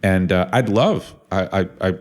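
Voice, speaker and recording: A man's voice: sits low, measured pace. A middle-aged man from Ohio, co-hosting a casual podcast and talking thoughtfully, with many restarts and repeated words. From Ohio, USA. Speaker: podcast co-host and university lecturer.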